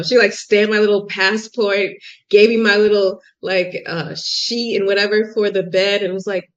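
A young American woman telling a travel story in a podcast interview, chatty and animated, full of "like" and acted-out quotes. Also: medium pitch, moderate pace. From United States. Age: young adult. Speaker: guest. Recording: muffled lo-fi audio.

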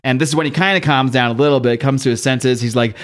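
This is a quick-talking man hosting a casual podcast. He recaps a comic in a chatty, laughing way. His voice sits at a middle pitch. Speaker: podcast host.

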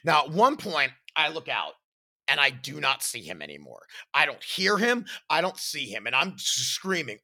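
A man telling a first-person story as a podcast host, animated and acting out his own shouts and sound effects. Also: mid-range voice, normal speed.

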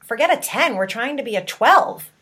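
A woman hosting a podcast interview, chatting warmly and enthusiastically, laughing often and leading with questions. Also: a little high, lively intonation, moderate pace, breathy edge. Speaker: podcast host. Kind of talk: casual interview chat.

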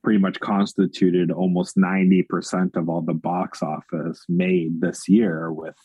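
A man's voice: low voice, little pitch movement, unhurried, mellow, husky, no room sound, rough recording. A man co-hosting a casual movie podcast, blunt and teasing with frequent swearing. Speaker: podcast co-host. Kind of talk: casual movie-review chat.

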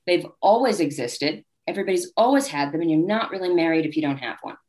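A woman's voice: fairly low pitch, fast. A woman guest author telling candid, wry anecdotes in a casual interview. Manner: acts out quoted people in lively voices.

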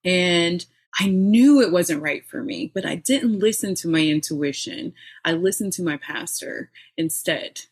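A middle-aged woman, a podcast guest, telling her own story in a candid, animated way with bursts of laughter. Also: on the low side, measured pace, breathy edge. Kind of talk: personal storytelling in an interview.

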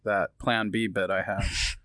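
A man's voice: lowish voice, little pitch movement, measured pace, sharp tone, dry recording, studio quality. A man who is a comedian, talking in a casual podcast chat, rambling with many fillers and restarts. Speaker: comedian guest.

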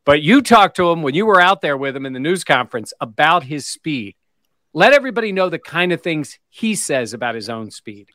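Man, sports talk host, crisp bright tone, dry sound, leading questions. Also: a little high, sing-song, fairly quick, dry recording. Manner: leads the talk, poses questions to co-hosts.

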